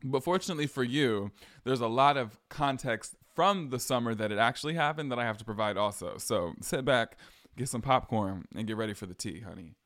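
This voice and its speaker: A young adult man hosting his own podcast, spinning a long personal story in a chatty, sassy voice. His pitch sits in a plain middle range, and he leans on slangy asides as he talks. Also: fairly quick, fairly bright tone. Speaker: podcast host. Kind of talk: casual storytelling monologue.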